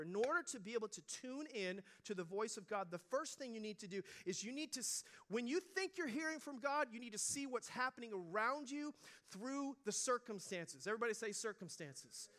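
High, bright-voiced male pastor preaching. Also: animated, fairly quick. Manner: conversational storytelling, swings from hushed to loud. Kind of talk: sermon.

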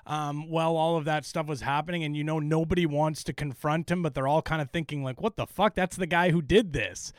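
Guy cohosting a show recap podcast, kinda high smooth voice, swears a lot, lots of ums, dry close sound. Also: no room sound. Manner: enthusiastic, profane, many fillers. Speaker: podcast co-host. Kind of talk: casual TV recap chat.

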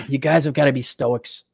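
A man's voice: fairly high pitch, animated, measured pace, gravelly, husky. A middle-aged man hosting a podcast, delivering an opinionated, sardonic monologue with mocking asides. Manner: sardonic, mocking, with put-on voices. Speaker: podcast host.

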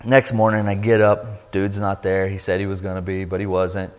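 A man shares a sermon testimony in an animated storytelling way, jumping up high when he acts out other people. His voice sits a little low, and the sound carries the long reverb of a large hall. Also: normal speed.

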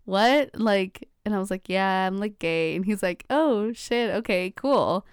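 A woman's voice: mid-range voice, fairly even intonation, normal speed, smooth, dry recording, studio quality. A young woman in college chatting casually, full of fillers and acting out what others said. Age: young adult. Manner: chatty, many fillers, acts out quoted dialogue. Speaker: college student. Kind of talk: casual chat.

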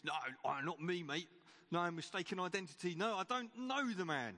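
A man's voice: high-pitched, normal speed, sharp tone, big-room sound. A man voicing a panicky male disciple who stammers out denials.

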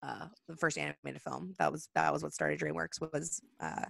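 A woman's voice: deep voice, normal speed, gravelly, no echo. A young woman chatting casually and explaining holidays, telling stories with lots of "like", laughing and acting out voices. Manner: animated storytelling, acts out voices, frequent "like" and laughs. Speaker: guest explaining Jewish holidays. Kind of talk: casual chat.

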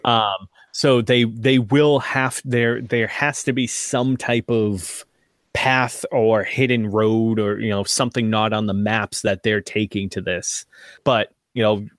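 A man's voice: fairly low pitch, fairly even intonation, takes it slowly, no echo, clean studio sound. A man running a tabletop game, thinking aloud with fillers and restarts. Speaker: game master.

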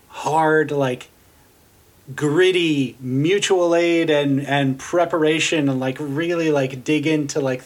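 A man hosting a casual discussion podcast, talking earnestly and thinking aloud with many fillers and restarts. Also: fairly high pitch. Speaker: podcast host.

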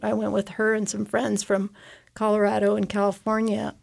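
A woman's voice: medium pitch, monotone, moderate pace, vocal fry, a little mellow. A woman talking at length and with feeling as an interview guest, rambling with restarts and repeated words. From United States. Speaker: interview guest, avalanche survivor. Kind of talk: emotional personal storytelling. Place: studio.

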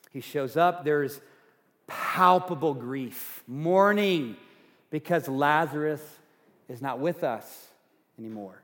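A man preaching a sermon as pastor, earnest, going from loud emphasis to hushed softness. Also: mid-range voice, long reverb tail. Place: church sanctuary.

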